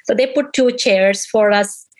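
A grieving mother, middle-aged, speaks in a medium pitch as she relives events slowly and with deep emotion during an interview, repeating the words people said to her. The audio is of poor quality.

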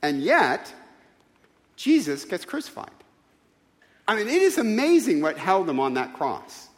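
A man's voice: sits high, very animated, unhurried, big-room sound. A man preaching a sermon in a church, emphatic and full of rhetorical questions. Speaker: pastor. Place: church sanctuary.

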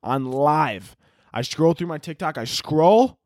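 A man hosting his own podcast in a rambling, profane comedic monologue that breaks into loud yelled bits. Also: on the high side, animated, takes it slowly, no echo, clean studio sound. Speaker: podcast host.

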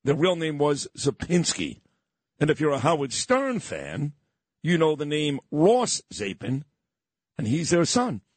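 A middle-aged man from Brooklyn, hosting a morning radio show and reminiscing in a sentimental, halting way. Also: fairly high pitch, wildly swooping pitch, slightly rough, no echo. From Brooklyn, New York. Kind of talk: radio talk show chat.

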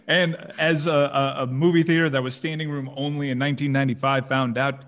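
A man's voice: mid-range voice, level tone, brisk, a bit bright. A man co-hosting a casual movie chat, joking and playful. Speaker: podcast co-host.

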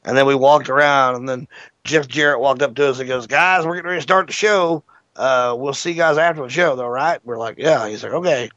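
A man's voice: fairly high pitch, dry recording. Profane man telling a story on radio. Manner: profane, animated anecdote teller. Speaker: internet radio show host. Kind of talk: casual storytelling chat. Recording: dull lo-fi internet radio audio.

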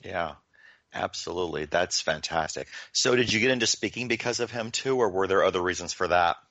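A man's voice: sits low, a little fast, fairly bright tone. A man hosting an interview, affirming the guest and asking follow-up questions. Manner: affirming, encouraging responses. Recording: echoey, muffled sound.

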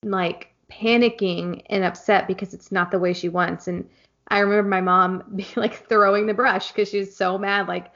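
A woman co-hosting a podcast in casual chat, telling lively stories and acting out quotes. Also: mid-range voice, moderate pace. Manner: animated storyteller, acts out quotes. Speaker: podcast co-host. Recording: dull lo-fi recording.

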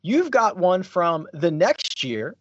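A man's voice: high-pitched, big pitch swings, takes it slowly, a bit bright, no echo, lo-fi sound. A man hosting a podcast casually, handing over to a guest with a prompting question. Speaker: podcast host. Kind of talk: casual chat.

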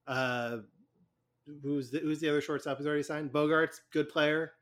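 A man's voice: on the high side, fairly even intonation, moderate pace, fairly bright tone. A man co-hosting a casual sports podcast, talking with many hesitations and fillers. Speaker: podcast co-host.

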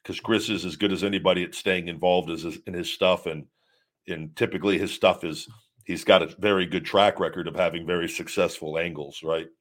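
Low-voiced man hosting a live chat. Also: steady tone, brisk. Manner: rambling and candid, reads viewer questions aloud and answers off the cuff. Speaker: host of a live show answering viewer chat. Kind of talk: casual live-stream chat.

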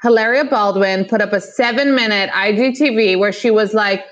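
A young woman co-hosting a casual gossip podcast, talking in an animated way with lots of fillers and quick mock impressions. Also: medium pitch, dull audio. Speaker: podcast co-host.

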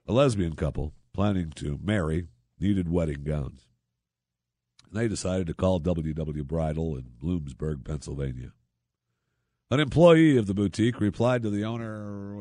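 A man's voice: rumbling low, animated, moderate pace, warm tone, dry recording, clean studio sound. A man hosting a talk radio show, reading news stories and mocking them with sarcastic asides. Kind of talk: opinion talk radio monologue.

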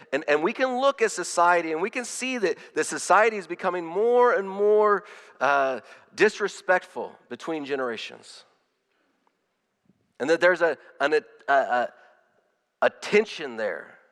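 Pastor, male, earnest sermon delivery, slightly high voice, repeats and restarts phrases; long hall reverb. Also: fairly bright tone.

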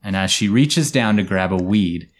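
At a moderate pace, a host with a very deep voice tells a story in a casual studio podcast with his co-hosts. He sounds relaxed and explanatory, occasionally lowering into quiet asides.

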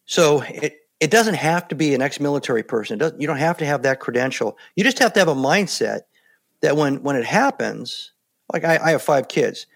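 Gravelly-voiced man telling calm stories. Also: fairly high pitch, brisk. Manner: calm, plainspoken storyteller. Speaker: guest, former Navy SEAL. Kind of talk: casual interview talk.

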